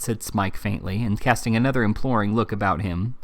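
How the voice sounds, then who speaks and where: A man reads a classic novel aloud with steady, even narration. His voice sits somewhat low. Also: moderate pace, hardly any pauses. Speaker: reader.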